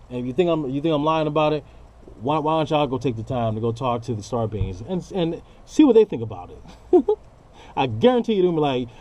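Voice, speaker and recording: A man's voice: mid-range voice, darkish tone. A man ranting straight to camera in an unscripted vlog, blunt, profane and slangy, preaching about love. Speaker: vlogger.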